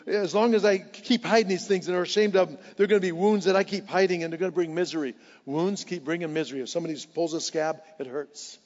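A man preaching with fervor, hammering home key phrases and swinging from hushed to loud, his voice sitting a little high. The sound carries a long hall reverb and comes through dull and muffled, as from a church sanctuary. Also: fairly even intonation, quick pace, hardly any pauses. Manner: impassioned preaching, repeating lines for emphasis. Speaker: pastor. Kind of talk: sermon.

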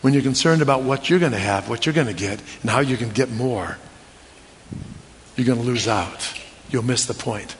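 A man's voice: mid-range voice, normal speed, slight background noise. A man preaching a sermon with humor and many rhetorical questions, drawing the crowd in. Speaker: pastor. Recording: long hall reverb.

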